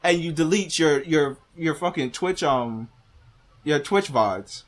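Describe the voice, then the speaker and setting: A man's voice: fairly high pitch, lively intonation, takes it slowly. A man hosting a reaction video, ranting with heavy profanity and arguing back at the clip he is watching.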